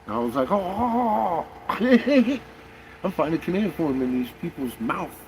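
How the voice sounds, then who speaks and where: A man's voice: medium pitch, lively intonation, quick pace, a little hiss or hum, rough recording. A man talking casually in a rambling monologue, swearing often and restarting his sentences. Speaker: conspiracy vlogger.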